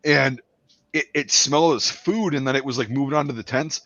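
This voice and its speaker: A man tells a swearing, animated story in loose podcast chat. His voice is bright and forceful, close and dry. The sound is a little dull. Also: mid-range voice, a little fast, no echo. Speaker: podcast host.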